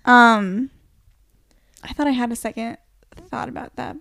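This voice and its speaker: A woman's voice: fairly high pitch, a little slow, gravelly, a bit bright, no echo, clean studio sound. A young woman in her twenties chatting with friends, giggly and curious, asking questions with plenty of "like". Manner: giggly, inquisitive, many "like"s. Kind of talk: casual chat among friends.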